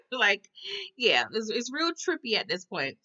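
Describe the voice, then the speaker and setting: Chatty lady recapping a show, bright voice, kinda muffled lo-fi audio. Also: medium pitch. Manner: chatty, slangy, laughs and asides. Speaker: TV episode reviewer. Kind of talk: casual TV recap.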